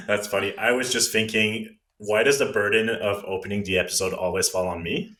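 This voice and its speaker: A man with a low voice co-hosts a relaxed podcast chat. He teases his co-host with a dry, playful edge and laughs easily between lines. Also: moderate pace. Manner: teasing, laughs often. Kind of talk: casual chat.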